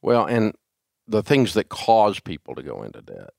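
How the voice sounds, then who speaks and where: Casual: older radio host guy, lowish voice that jumps all over when he gets going, folksy storyteller, dry mic. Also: moderate pace, gravelly, no echo. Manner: animated storyteller, folksy, emphatic. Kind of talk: casual interview conversation.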